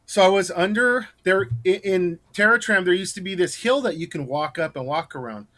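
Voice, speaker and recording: A guest on a casual interview, this man is a scare actor who tells stories in a loose, rambling way, full of fillers, restarts, and laughter as he talks. His voice is high-pitched and a bit bright, at a moderate pace.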